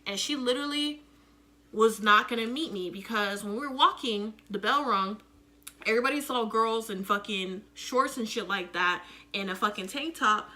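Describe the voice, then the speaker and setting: A young woman telling a casual storytime, profane and animated, acting out the quotes loudly. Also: fairly high pitch, moderate pace. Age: young adult. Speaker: vlogger.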